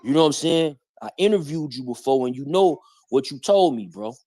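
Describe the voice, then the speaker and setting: A man's voice: fairly high pitch, animated, fairly quick, mellow, no echo. A man hosting a live stream, bluntly challenging people in heavy street slang. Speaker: stream host. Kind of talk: heated live-stream commentary.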